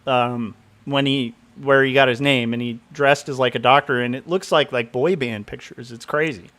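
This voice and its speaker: A man's voice: mid-range voice, steady tone, moderate pace, fairly bright tone. A middle-aged man hosting a livestream in rambling casual chat, often laughing. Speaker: livestream host.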